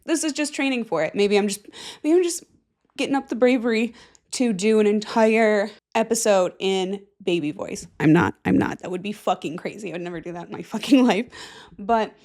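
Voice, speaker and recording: A woman's voice: medium pitch, moderate pace, darkish tone. A woman hosting a casual solo podcast, goofy and self-mocking, with plenty of swearing. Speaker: podcast host.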